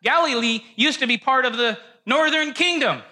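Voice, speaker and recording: A man's voice: very high voice, normal speed, sharp tone. A man teaching an informal Bible study class in a church room, talking conversationally, often asking the group questions and restarting his phrases.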